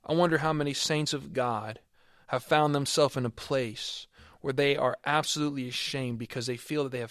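A man's voice: mid-range voice, fairly bright tone, no room sound, studio quality. A man preaching a sermon and reading scripture aloud, earnest, with emphatic swells on key words.

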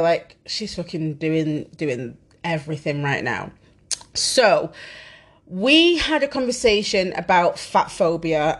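A woman hosting a podcast in a chatty, rambling way, swearing often and poking fun at herself. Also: lowish voice. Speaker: podcast host. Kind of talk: casual chat.

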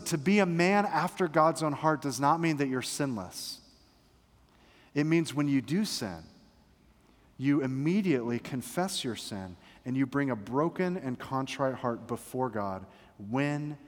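A male pastor preaching a sermon, fervent and emphatic, with humorous asides. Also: medium pitch. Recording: long reverb of a large hall.

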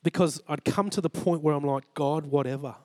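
Australian male preacher, 40s, earnest storyteller, slightly high voice, dry sound. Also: fairly quick, a little mellow, no room sound. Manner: earnest storytelling, acts out dialogue with God. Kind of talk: sermon with personal story. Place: church.

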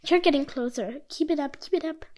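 A shape-shifting raccoon girl, as a woman storyteller plays her, soft and earnest, eager to repay a kindness. The voice is high and light but hushed. She speaks gently and a little sorrowfully. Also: fairly quick, close to an everyday voice. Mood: encouraging. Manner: soft, apologetic. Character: grateful female raccoon spirit.

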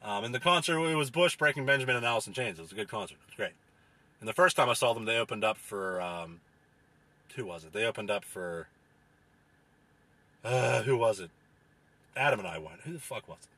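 A young man ranting casually with profane, rambling talk and many fillers, sometimes mocking people in a whiny high voice. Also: animated, a little fast, long pauses, sharp tone. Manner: mocks others in a whiny falsetto.

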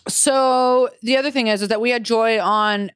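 A woman's voice: fairly high pitch, steady tone, moderate pace, clean tone, dry recording. Woman podcast co-host, blunt and sarcastic, dry close mic. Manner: blunt, sarcastic, swears a lot. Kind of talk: casual chat.

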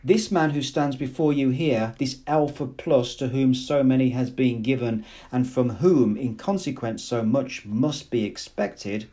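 A man's voice: medium pitch, measured pace, hardly any pauses, mellow, natural voice. A man voicing a stern, pompous male director who makes accusing speeches.

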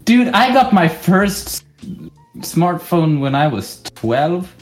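A man's voice: on the high side, big pitch swings, slow, over music. A young man from Sweden co-hosting a casual podcast, rambling through stories and laughing often. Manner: giggly, rambling storyteller. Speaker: podcast co-host. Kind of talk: casual chat. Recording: roomy echo.

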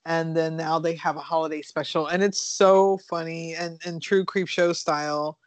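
A woman's voice: low-pitched, moderate pace. A woman on a casual podcast walks through a horror film's plot in a loose, rambling way, peppered with fillers and the occasional curse. Her voice sounds dry and close, with no room echo. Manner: rambling, animated storytelling with fillers and swearing. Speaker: podcast co-host reviewing horror films. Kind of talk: casual chat, retelling movie plots.

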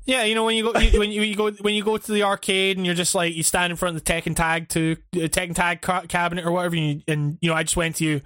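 A man's voice: sits high, flat delivery, very fast, few pauses, a bit bright, clear, resonant tone, dry recording, studio quality. A man chatting casually about a video game, rambling with many fillers and swears.

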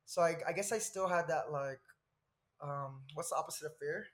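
A man in his thirties from Southern California, a podcast guest telling a personal story in a lively, rambling way with frequent laughs. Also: on the high side, normal speed. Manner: animated, laughs often, rambling asides.

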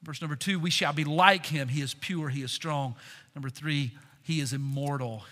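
At a moderate pace, a man preaches with self-deprecating confession, his delivery lurching from booming emphasis to quiet murmurs. His sermon carries a long reverb tail.

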